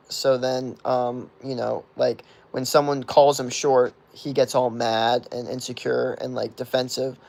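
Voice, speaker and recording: A man's voice: medium pitch, vocal fry. A man in his twenties rambling through chat questions on a livestream, swearing freely and leaning on "like" and "you know" as fillers. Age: 20s. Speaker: streamer answering chat questions.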